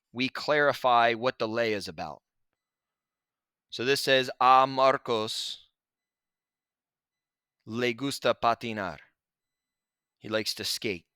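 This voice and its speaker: Bright, crisp-voiced male teacher. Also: mid-range voice, no echo. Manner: relaxed, chatty explaining with asides. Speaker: Spanish teacher. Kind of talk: recorded lesson over slides.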